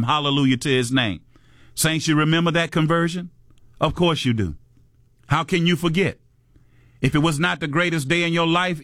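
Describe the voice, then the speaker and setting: A man delivers a fervent sermon in a fairly high voice. He calls out to the congregation and sinks low and soft on brief asides. The sound is dry and close. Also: no room sound. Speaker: preacher.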